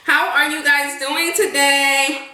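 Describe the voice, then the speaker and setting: A woman's voice: sits high, little pitch movement, takes it slowly, echoey room, noisy background. A woman in her late twenties chatting to viewers while eating in a casual mukbang vlog, humming as she savors the food. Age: late 20s. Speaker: mukbang vlogger. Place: home, with a plane passing overhead.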